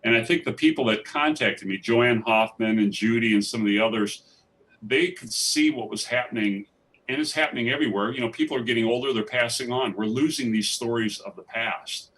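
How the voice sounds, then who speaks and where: A man's voice: mid-range voice, fairly quick, a bit bright. A man, a documentary filmmaker, telling stories in a live festival interview with eager, rambling enthusiasm and frequent restarts. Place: theatre stage. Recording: distant mic in a theatre.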